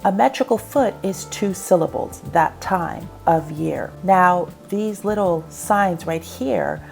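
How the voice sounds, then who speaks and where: A woman, a college instructor, giving a recorded online lecture, explaining patiently and slowing down to sound out lines. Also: on the low side, gravelly, a little mellow.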